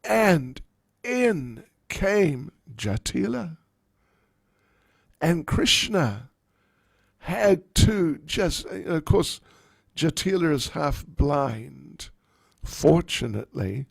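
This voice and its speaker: A male spiritual teacher tells a story with wry humor. His voice is gravelly and husky, swinging lively in pitch at a slow pace, and it sounds close and dry. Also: dry recording. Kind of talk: storytelling class.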